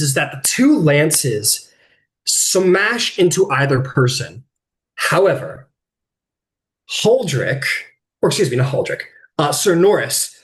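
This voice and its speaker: A man narrating as game master of a tabletop game, telling the scene in a lively, rambling way full of fillers. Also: on the high side.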